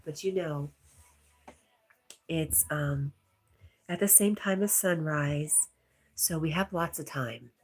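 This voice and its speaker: Livestream host, woman, deep breathy voice, relaxed chat with viewers. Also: slow, long pauses. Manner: reads viewer comments aloud, often softly whispered.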